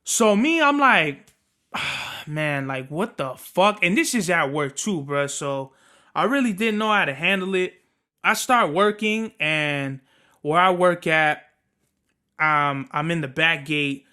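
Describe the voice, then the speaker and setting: A young man hosting a podcast, telling work stories in an animated, profane rant. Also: on the high side, slow, clear, resonant tone. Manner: animated, cursing, storytelling. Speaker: podcast host.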